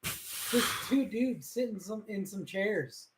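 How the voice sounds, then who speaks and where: A man co-hosting a casual podcast stream, easygoing and quick to laugh things off. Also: high voice, poor audio. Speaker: podcast co-host.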